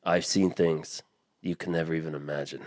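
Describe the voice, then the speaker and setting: A man voicing a weary, solemn old male sea captain in a low, hushed voice, as part of a casual podcast recap. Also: fairly even intonation, moderate pace, dry recording, clean studio sound.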